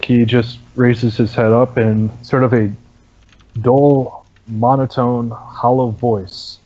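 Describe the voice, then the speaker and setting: A man's voice: medium pitch, little pitch movement, takes it slowly, dark tone, muffled recording. A man narrating as game master for a tabletop game, casual and full of fillers. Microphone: online voice chat mic.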